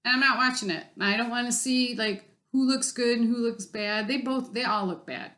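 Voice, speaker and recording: A woman's voice: a little high, brisk, bright, forceful tone. Blunt, profane woman ranting. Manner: blunt, profane, exasperated storytelling. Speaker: vlogger. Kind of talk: casual vlog rant.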